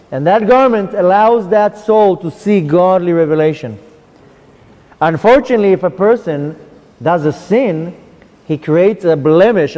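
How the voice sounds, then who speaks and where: A man's voice: high-pitched, warm tone, long reverb tail. A rabbi, a man, telling of his near-death experience, emphatic and repeating phrases for effect.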